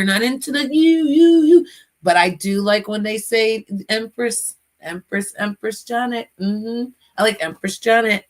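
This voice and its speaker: A middle-aged woman hosting a casual livestream, chatty and emotional, giving shout-outs to her chat. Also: mid-range voice. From United States. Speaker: livestream host.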